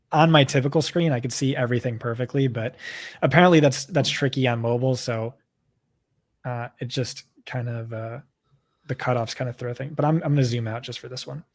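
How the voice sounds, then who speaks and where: A man with a New Jersey accent co-hosting a live stream, talking quickly and casually with lots of fillers. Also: mid-range voice. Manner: quick, chatty, full of fillers. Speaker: co-host presenting a data tool.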